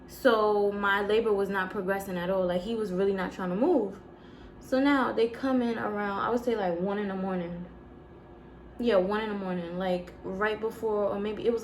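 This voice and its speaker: A woman talking straight to the camera in a casual vlog, telling a story with lots of emphasis and lively rises in her voice. Her pitch sits in a middle register, and a faint noise hum runs under the recording. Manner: animated, emphatic, repeats words. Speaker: vlogger.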